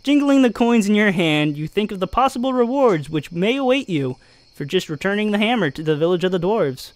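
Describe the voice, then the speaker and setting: A man's voice: sits high, expressive, a little fast, dry recording. A man reading an adventure gamebook aloud as game master, with jokey asides.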